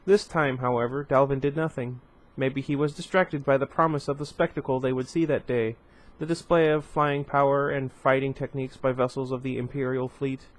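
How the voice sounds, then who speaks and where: A man with a slight lisp reading a novel aloud at a middling pitch. He drops in chatty little asides between passages in a casual home reading. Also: steady tone, moderate pace, few pauses. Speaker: book reader.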